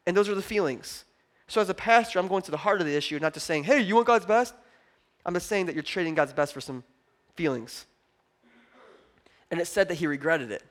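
A male pastor delivering a lively sermon with a notably high voice. He talks to the congregation like a friend, acting out little quoted voices. He swings between loud, pushing emphasis and quiet, low stretches. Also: fairly quick, long pauses. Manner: conversational, acts out quoted voices.

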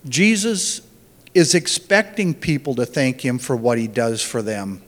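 Guy teaching from the bible, slow and halting, lots of restarts, reverby hall sound. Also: medium pitch, big pitch swings. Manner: halting, restarts phrases, thinks aloud.

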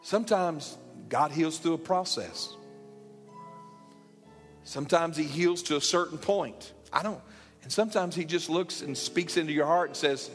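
A man preaching to his church in a highish voice, pressing his points with repeated phrases. His words ring out with the long reverb of a large sanctuary. Soft instrumental music plays faintly beneath him. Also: moderate pace. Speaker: pastor. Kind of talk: sermon.

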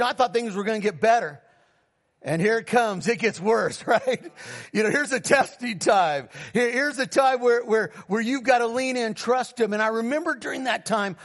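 A middle-aged male pastor with a high voice delivers a sermon testimony. He tells his story in a storytelling manner, drops lower to act out the dialogue, and calls on the congregation for responses. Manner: storytelling, acts out dialogue with God in a lower, quieter voice.

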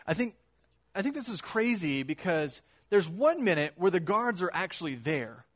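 A man giving a casual, conversational sermon, animated and acting out quotes in his retelling. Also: high voice, moderate pace.

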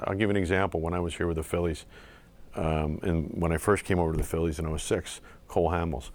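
Middle-aged man, very low voice, from southeastern Pennsylvania, halting, filler-heavy interview storytelling. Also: steady tone. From southeastern Pennsylvania, USA. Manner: halting, many fillers and restarts, reflective. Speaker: former pro pitcher, guest.

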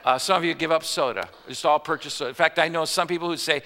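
A man's voice: a little high, fast, few pauses, pushed and bright. A man preaching a sermon in a conversational way, joking and asking the congregation questions. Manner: conversational with jokes and rhetorical questions. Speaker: pastor. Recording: reverberant church hall.

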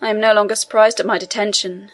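A woman's voice: mid-range voice, little pitch movement, fast talker, close to an everyday voice. A woman reading as Dantès, pleading young prisoner. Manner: earnest, imploring. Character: young male sailor prisoner, desperate and pleading.

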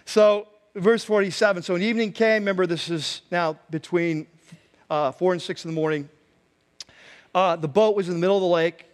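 Man, pastor, sermon, high voice, animated storyteller, long hall reverb. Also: moderate pace. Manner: animated storytelling with laughs and acted-out shouts.

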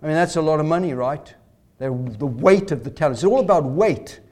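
High-voiced man preaching a sermon. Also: animated, a little fast, a little mellow. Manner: dramatic, quotes biblical figures in shifting voices. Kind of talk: expository sermon.

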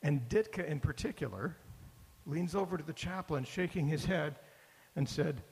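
A man's voice: on the high side, moderate pace, gravelly, a little mellow, breathy edge, in a large hall. A man preaching a sermon in a conversational way that rises to emphatic bursts. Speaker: pastor.

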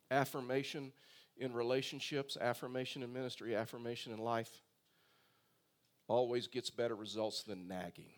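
A man's voice: mid-range voice, fairly even intonation, moderate pace. A male pastor preaching a sermon in a conversational storytelling way, full of rhetorical questions.

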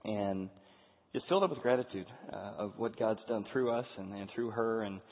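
Husky man telling a candid personal story. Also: lowish voice, normal speed. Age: 40s. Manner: earnest and candid, with frequent restarts. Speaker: speaker addressing an audience. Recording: tinny, echoey hall sound.

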